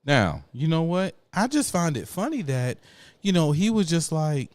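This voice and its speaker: A man's voice: on the high side, sing-song, moderate pace, no echo. A man hosting a political commentary show, slangy and emphatic, repeating lines for effect.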